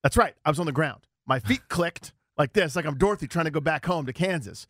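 A man in his forties hosts a sports talk radio show. He tells stories in an animated, self-mocking way. The sound is close and dry, from a studio mic. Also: fairly high pitch, brisk, dry recording. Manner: storytelling, self-deprecating, animated.

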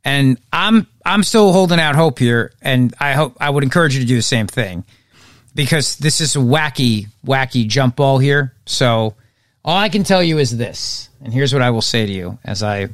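A man's voice: mid-range voice, expressive, normal speed, no room sound, clean studio sound. A man hosting a political commentary podcast, talking in a sarcastic, mocking way. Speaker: podcast host.

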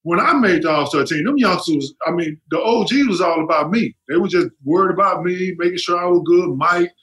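A man's voice: sits high, a little fast, fairly bright tone, poor audio. A man in his fifties, a former pro basketball player, telling stories as a podcast guest, laughing often and using salty slang. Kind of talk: casual interview chat.

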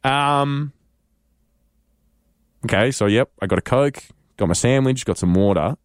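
A man's voice: medium pitch, lively intonation, measured pace, slight background noise, natural voice. A man improvising an indignant, sarcastic tourist arguing over his bill, in his own voice. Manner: argumentative, sarcastic.

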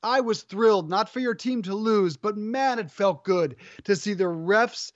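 A high-pitched man hosts a sports talk show, upbeat and teasing. His voice is dry and close, with a dull, lo-fi edge. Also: unhurried, no room sound.

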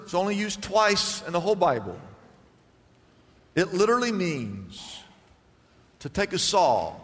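A male pastor preaching a sermon with strong emphasis, swinging between loud declarations and hushed passages, in a church. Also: high voice. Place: church sanctuary. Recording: long hall reverb.

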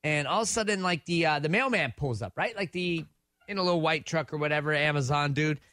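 A man's voice: fairly high pitch, fast, no room sound, clean studio sound. A man, co-hosting a morning radio show and telling a story, acting out the quotes as he goes. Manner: animated storyteller who acts out quotes. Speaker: radio co-host.

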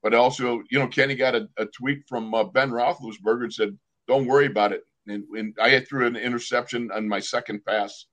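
An older man, a former pro football player, telling lively sports stories on a casual podcast. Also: medium pitch, brisk. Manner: animated storyteller, acts out other people's lines.

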